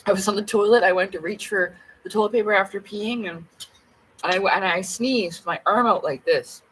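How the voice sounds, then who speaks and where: A woman's voice: mid-range voice, brisk, fairly bright tone, slightly rough, low-quality recording. A woman chatting casually to camera at home, blunt and rambling, with plenty of swearing. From Canada. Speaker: vlogger.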